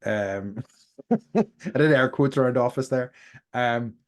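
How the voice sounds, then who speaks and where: A man's voice: mid-range voice, fairly even intonation, normal speed. A man co-hosting a podcast in casual chat, rambling along with fillers and restarts. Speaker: podcast co-host. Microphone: desk microphone.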